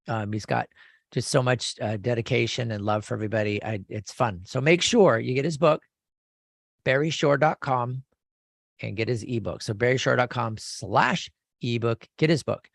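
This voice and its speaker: Middle-aged male radio host, gravelly, dry close studio sound, rambling and eager. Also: mid-range voice, moderate pace, dry recording. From California. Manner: rambling, enthusiastic, with frequent restarts. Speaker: radio show host and lawyer. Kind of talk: casual radio talk.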